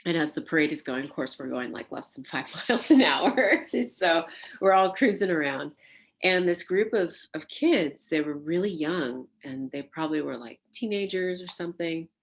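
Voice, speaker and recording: A woman, a burlesque performer, recalling her life in an oral history interview, animated and laughing, with many fillers. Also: low voice, normal speed. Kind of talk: reflective interview storytelling.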